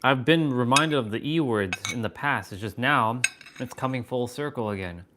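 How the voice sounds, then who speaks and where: A man hosting a livestream, musing aloud in halting, wondering phrases with bursts of excited swearing. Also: mid-range voice, background noise. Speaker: fitness and wisdom livestream host. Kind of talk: live stream musing.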